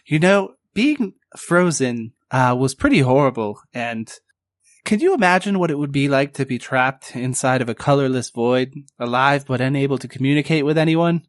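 A man voicing a lonely, sweet female librarian who was once frozen, speaking gently and wistfully. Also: medium pitch, lively intonation, normal speed, no room sound, clean studio sound, natural voice.

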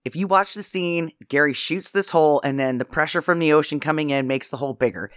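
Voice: mid-range voice, a little fast, fairly bright tone, dry recording, studio quality. A podcast co-host in casual movie recap chat, playful and ready to argue a theory. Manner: playful, argumentative.

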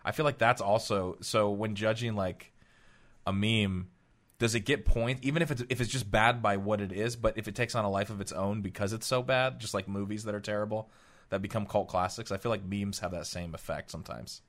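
Low-voiced man rambling on a podcast. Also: steady tone, brisk, fairly bright tone. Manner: rambling, with lots of fillers and mock-stern quotes. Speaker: podcast host. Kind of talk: casual podcast chat.

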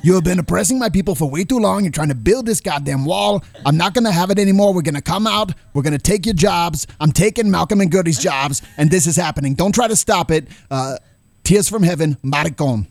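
A brash, defiant man rants loudly in a mock Mexican accent, put on by a man. The sound is dry and close, with no room around it. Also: on the high side, expressive, moderate pace, dry recording.

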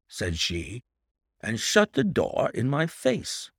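A man reading a classic story aloud in the first person, with expressive, dramatic narration. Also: mid-range voice, slow pace, gravelly, no echo, studio quality.

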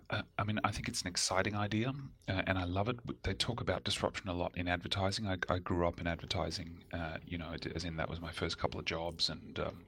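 A man's voice: deep voice, gravelly, pushed and bright, slight background noise. A man co-hosting a casual podcast, easygoing and chatty, sometimes dropping to a near whisper. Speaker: co-host.

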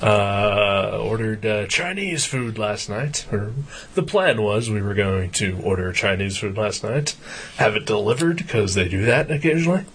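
A man co-hosting a podcast, telling a profane story in casual chat and getting loud as he retells his anger. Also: lowish voice, animated, measured pace, a little hiss or hum. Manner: profane ranting anecdote, gets loud when retelling anger. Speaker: podcast co-host.

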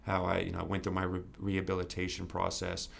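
Earnest young man with a lowish voice. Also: completely flat delivery, fast, vocal fry. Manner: earnest, restarts often, fillers like "you know". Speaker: podcast guest. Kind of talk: candid conversational storytelling.

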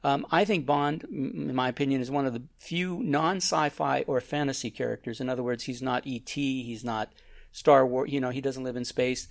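A man's voice: mid-range voice, normal speed, gravelly. A man hosting a casual film chat, rambling and restarting his sentences. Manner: rambling, self-interrupting.

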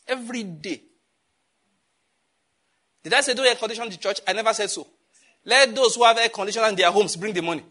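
A man preaching a sermon as pastor, animated and scolding, with jokes and sudden jumps in pitch. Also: a little fast, long pauses.

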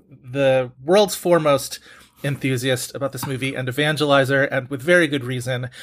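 A man's voice: medium pitch, fairly bright tone. A man hosting a podcast, chatting casually and joking, with frequent fillers. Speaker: podcast host.

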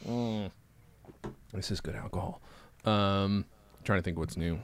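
A man's voice: sits low, unhurried. A man co-hosting a podcast, rambling casually over drinks with fillers and swearing. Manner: rambling, profane, lots of fillers. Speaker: podcast co-host. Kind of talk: casual chat while drinking. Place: Los Angeles.

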